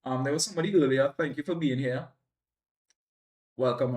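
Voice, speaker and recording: A young Trinidadian man telling a funny personal story casually on a livestream, jumping up in pitch when he quotes people. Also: moderate pace. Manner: animated, jumps high when quoting people, laughs while telling.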